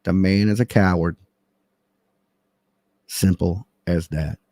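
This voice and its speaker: A man's voice: low-pitched, steady tone, slow pace, warm tone, no room sound, studio quality. A man hosting a true crime livestream, ranting in a profane, mocking and combative way.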